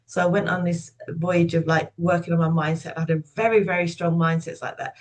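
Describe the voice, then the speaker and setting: A woman in her fifties, a podcast guest, candidly recounting painful childhood memories in a steady, personal storytelling manner. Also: lowish voice, a little fast. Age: 50s.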